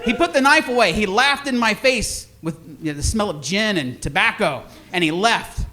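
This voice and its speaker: A man's voice: high voice, lively intonation, moderate pace, sharp tone. A man in his forties telling rambling, self-deprecating stories in a stand-up set on a comedy club stage, with audience laughter behind him.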